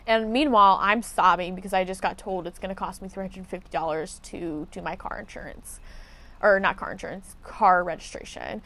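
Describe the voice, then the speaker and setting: A woman's voice: mid-range voice, fairly quick, a bit bright. A woman telling a casual story as a podcast host, blunt and profane as she vents her frustration.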